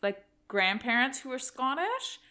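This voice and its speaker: A woman's voice: sits high, big pitch swings, measured pace, pushed and bright, clean tone. Chatty Canadian woman co-host. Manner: chatty, frequent "like" fillers. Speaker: podcast co-host. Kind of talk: casual chat.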